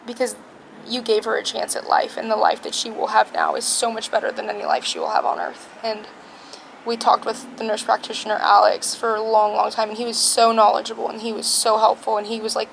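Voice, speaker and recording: A young woman with a slightly high voice that often drops into vocal fry. She tells a personal story slowly and haltingly, stopping often and close to tears. Faint background noise runs under her voice. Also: completely flat delivery, low-quality recording. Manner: soft, halting, emotional. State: tearful. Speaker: vlogger. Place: alone in a quiet room.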